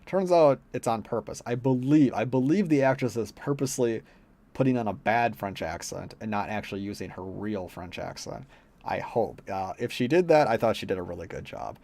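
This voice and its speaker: A man's voice: fairly low pitch, lively intonation, normal speed, vocal fry, darkish tone. Rambling, profane man reviewing a film. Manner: rambling, blunt and profane, with many fillers. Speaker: movie reviewer. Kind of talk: casual spoken film review.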